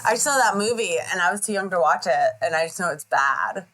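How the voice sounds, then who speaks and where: A woman's voice: on the low side, lively intonation, a little fast, a bit bright. A woman podcast co-host in casual chat, telling loose, informal stories. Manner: chatty storyteller, loose and informal.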